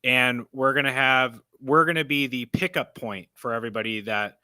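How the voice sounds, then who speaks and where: Bright, crisp-voiced man hosting casually. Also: mid-range voice, fairly even intonation, normal speed, no echo, studio quality. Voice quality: froggy voice. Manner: rambling, self-correcting, laughs often. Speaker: host. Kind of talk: casual live-stream chat. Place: comic book store.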